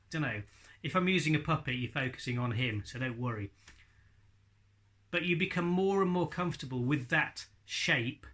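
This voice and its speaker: Bright-voiced man teaching ventriloquism. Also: mid-range voice. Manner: chatty, demonstrating sounds, laughs often. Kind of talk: casual video lesson.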